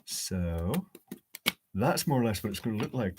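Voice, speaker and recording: An electronics hobbyist host with a fairly low, expressive male voice livestreams a workbench build, answering chat as he goes. He pauses to think aloud and drops dry jokes, while faint tool clicks and background noise sit quietly behind him.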